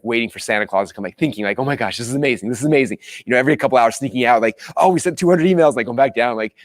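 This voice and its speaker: A man hosting a course, telling a personal story with excitement and acting out his own past lines. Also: medium pitch, dry recording. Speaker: course host. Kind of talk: animated storytelling.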